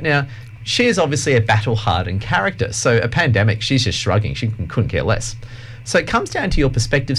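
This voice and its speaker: A man co-hosting a podcast who talks in a casual, motivational way and tells emphatic, upbeat stories. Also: mid-range voice. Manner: animated storyteller, upbeat and emphatic. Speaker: podcast co-host.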